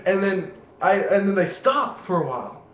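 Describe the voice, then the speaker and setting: A young man vlogging, telling rambling personal stories with constant swearing and animated voices. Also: high voice, moderate pace, slight background noise. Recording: echoey room, dull lo-fi sound.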